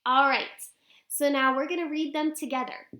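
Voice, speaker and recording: A woman teaching a phonics lesson to young children on video, sounding out letters slowly and asking coaxing questions. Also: high voice, steady tone, bright, forceful tone. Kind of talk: early-grade phonics lesson to camera.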